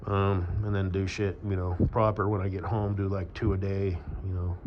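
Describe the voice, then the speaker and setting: A man's voice: low-pitched, level tone, normal speed, background noise. An American man rambling crudely to his audience in a monologue, full of fillers and asides. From United States. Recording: dull lo-fi sound with faint background ambience.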